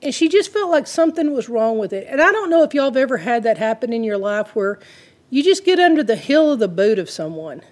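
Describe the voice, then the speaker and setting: A woman's voice: on the high side, very animated, fairly quick. Earnest woman preaching through a story. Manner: earnest, retells the story with quoted dialogue. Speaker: Christian teacher. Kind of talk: conversational sermon storytelling.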